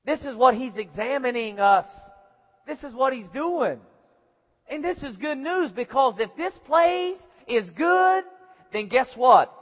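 High-voiced preacher in a reverberant hall. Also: male voice, animated, unhurried, highs cut off. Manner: dramatic, acts out voices, shouts at peaks. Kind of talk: sermon.

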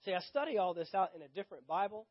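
A high-pitched man with a Southern US accent delivers a sermon, hammering home repeated phrases and voicing the scripture's speakers as he reads. The recording is dull and muffled, like a church sound system captured on modest equipment. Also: expressive, very fast. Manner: emphatic, repeats key phrases, acts out scripture dialogue. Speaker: pastor. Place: church sanctuary.

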